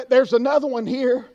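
A man preaching a sermon, swinging from hushed asides to shouted peaks. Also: very high voice. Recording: dull lo-fi recording.

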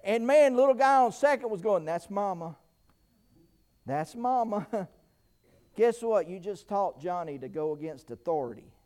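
A middle-aged man preaching a sermon, full of amens, stammered restarts and sudden shouts, pausing short of breath. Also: high voice. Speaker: pastor.

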